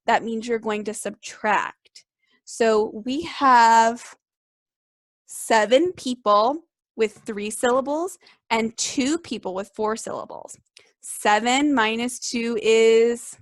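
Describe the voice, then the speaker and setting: A young woman teaching second graders in a recorded lesson, clear, upbeat and encouraging. Her voice sits a little high. The sound is close and dry, with no room around it. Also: dry recording. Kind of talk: remote class lesson.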